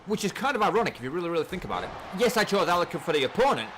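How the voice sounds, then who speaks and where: An English man calls the action of a wrestling game on his live stream, talking in a casual, excitable way and swearing freely. His voice is fairly high and very animated, leaping up and down as he repeats himself. A faint noise sits under the voice. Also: very fast. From England. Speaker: streamer and commentator.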